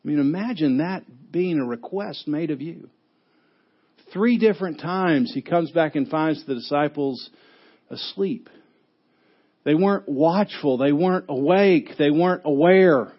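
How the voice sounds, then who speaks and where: A man is preaching to his church, with a voice that sits a bit high for a man. He sometimes breaks into a shout as he acts out a coach yelling at a wrestler. The recording sounds dull and muffled. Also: a little slow, breathy edge. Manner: rises to a shout when acting out a yelling coach. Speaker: pastor. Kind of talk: sermon.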